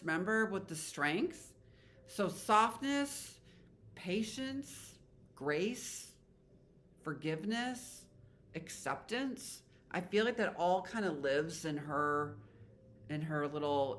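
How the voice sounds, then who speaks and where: Tarot reader, woman, rambling and heartfelt, bright clear tone. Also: deep voice. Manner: chatty, rambling, emotional, spiritual. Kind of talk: casual tarot reading to viewers.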